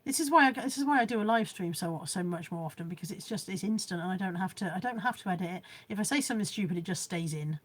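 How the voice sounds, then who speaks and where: Reading viewer comments during a live vlog from her home, a woman chats and rambles, poking fun at her own lack of tech know-how. Her mid-range voice is expressive, and she talks fast with few pauses.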